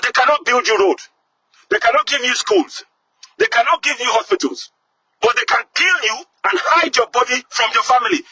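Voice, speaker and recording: A man making an impassioned, angry political appeal that rises to shouts. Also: very high voice, a little hiss or hum. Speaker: activist speaker. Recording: muffled lo-fi audio.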